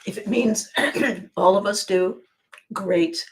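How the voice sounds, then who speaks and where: A woman's voice: medium pitch, sing-song, vocal fry. Older woman host, solo monologue, circles the point, earnest and emotional. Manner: rambling, emotional, with frequent laughs and pauses. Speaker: podcast host. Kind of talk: personal monologue.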